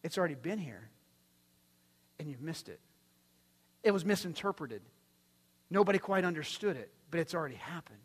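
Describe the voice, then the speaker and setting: High-voiced man preaching in a reverberant hall. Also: fairly quick, slightly rough. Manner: animated preaching, swings from hushed to loud. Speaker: pastor. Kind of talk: sermon. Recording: long reverb from a large hall.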